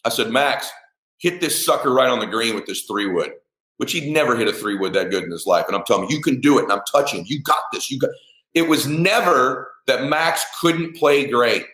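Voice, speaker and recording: A middle-aged father telling a personal story in an emphatic way. He swears, acts out the dialogue and breaks into shouts at the high points. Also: animated, brisk. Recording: echoey room.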